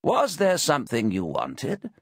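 A croaky, frail old gentleman in his late sixties, hard of hearing, talks fussily and politely and drifts off rambling, as an audiobook narrator puts him on. His voice sits well above the narrator's own, husky and close to a dry mic. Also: a little high, wildly swooping pitch, a little slow, dry recording, pitched above the performer's own voice, full character voice. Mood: genial. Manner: fussy, polite, rambling about old motorbikes.

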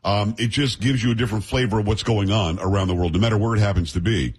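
A man's voice: lowish voice, quick pace, breathy edge. A middle-aged man hosting a radio talk show, chatting and joking casually with his sidekick. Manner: chatty, jokey banter with sidekick.

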